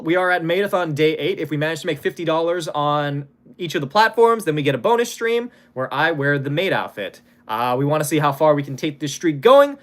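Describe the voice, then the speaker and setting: A man's voice: fairly high pitch, fairly bright tone. A young man from Hawaii chatting casually on a live stream, reading donations and swearing now and then.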